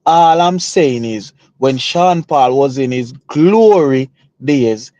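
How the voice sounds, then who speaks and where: A man's voice: mid-range voice, animated, takes it slowly, warm tone, no room sound, dull audio. A man with a Jamaican accent arguing his point as a panelist, pushing back again and again. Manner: argumentative, pushes back repeatedly. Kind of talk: heated panel debate.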